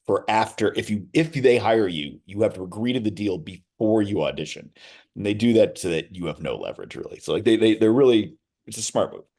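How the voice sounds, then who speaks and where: A middle-aged man, an actor being interviewed, telling stories in a lively, rambling way with many restarts and asides. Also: lowish voice. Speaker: actor, guest. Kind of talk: casual interview storytelling.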